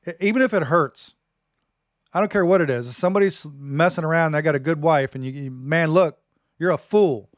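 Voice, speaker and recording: Brief: folksy man, Bible teacher on a live stream, slightly high voice, dry close sound. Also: fast, no echo. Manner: folksy and plain-spoken, says man and dude often.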